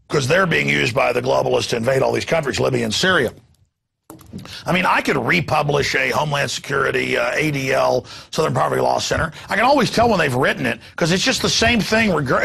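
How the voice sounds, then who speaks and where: A man hosting a news commentary show, ranting in a sarcastic, mocking way and jumping between loud bursts and low asides. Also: vocal fry, slightly rough. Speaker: host.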